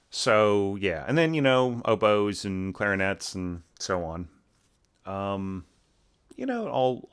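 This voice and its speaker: Male orchestration teacher, lower voice, loose and chatty, sings the lines. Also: a bit bright, clear, resonant tone. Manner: rambling, many fillers, sings phrases as bum bum. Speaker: orchestration teacher reviewing scores. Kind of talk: casual spoken critique.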